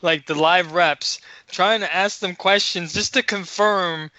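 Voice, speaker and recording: A man co-hosting a podcast, telling a story in casual chat, excitable and full of swearing. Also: high-pitched, unhurried, no echo, highs cut off. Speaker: podcast co-host.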